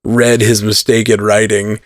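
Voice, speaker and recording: A man's voice: fairly low pitch, flat delivery, unhurried, no room sound, clean studio sound. A man hosting a podcast in casual chat, teasing his co-host and laughing often.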